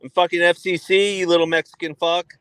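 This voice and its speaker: A man's voice: sits high, little pitch movement, a little fast, fairly bright tone, smooth, no echo. A man ranting crudely and heatedly in casual group chat banter.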